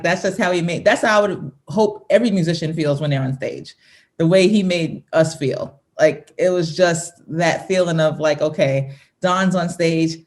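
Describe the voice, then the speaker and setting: Laughing woman reminiscing, loose and chatty. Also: lowish voice. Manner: warm, laughing often, rambling with restarts. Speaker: interview guest, singer. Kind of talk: casual reminiscing.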